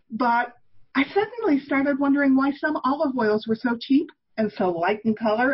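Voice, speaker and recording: Husky-voiced woman in her sixties, emphatic. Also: a little high, dull audio. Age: 60s. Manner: emphatic, opinionated, explanatory. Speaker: guest, toxin elimination author. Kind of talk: podcast interview.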